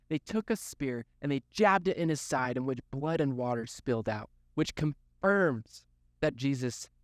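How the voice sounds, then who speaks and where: A man's voice: fairly high pitch, dry recording, clean studio sound. A man giving a youth sermon, telling the story earnestly, with lots of repetition for emphasis. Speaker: youth pastor.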